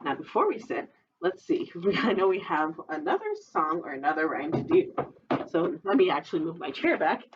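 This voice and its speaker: A young woman librarian reading a picture book aloud for a children's storytime in a lively sing-song way, often laughing. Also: deep voice, moderate pace, a little hiss or hum. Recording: distant dull mic in a room.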